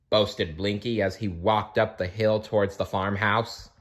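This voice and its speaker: A man reading a children's storybook aloud, expressive, with small slips and restarts. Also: fairly low pitch, measured pace, hardly any pauses.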